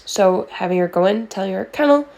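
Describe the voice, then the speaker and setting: Speaking at a normal speed with a medium, slightly mellow voice, a female dog trainer gives an instructional voice-over. Friendly and methodical, she spells out every step clearly as if helping someone new to owning a dog.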